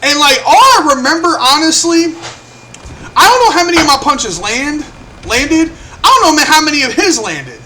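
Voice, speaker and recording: A man's voice: extremely high pitch, moderate pace, noisy background. A young man telling a story in a casual, profane way, acting out what people said. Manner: animated, profane, acts out quotes. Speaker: vlogger.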